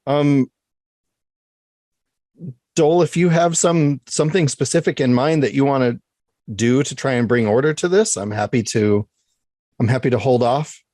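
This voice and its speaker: A player in a tabletop game, relaxed, explaining the rules to the others. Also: mid-range voice, normal speed, long pauses, no room sound, clean studio sound. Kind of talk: tabletop role-play chat.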